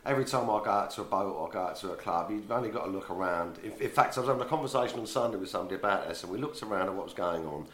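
Chatty radio host, upbeat. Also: male voice, low-pitched, expressive, very fast, few pauses, fairly bright tone. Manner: chatty and upbeat, many small restarts. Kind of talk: live radio interview.

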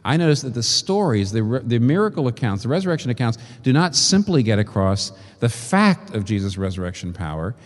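A man preaching a sermon, working through rhetorical questions and slow, emphatic repetitions. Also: mid-range voice, very animated. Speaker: pastor. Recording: long reverb of a large hall.

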